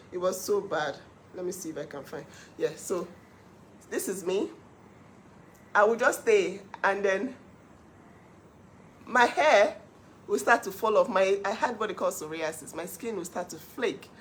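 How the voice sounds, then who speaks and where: A woman hosts her own livestream and talks in a casual, animated way. She stresses her points and breaks into laughter often. Her pitch sits in the middle range, and a faint background hiss runs under her voice. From Nigeria. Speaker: cookware seller hosting a livestream.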